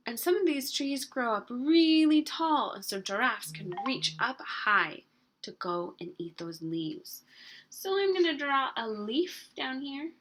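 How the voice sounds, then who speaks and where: Woman teacher, slightly high voice, unhurried, sounds out words slowly for young kids. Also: big pitch swings, slight background noise. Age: adult. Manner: slow, stretched-out sounding of words, gentle coaxing questions. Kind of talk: early-grade writing lesson, modeling spelling.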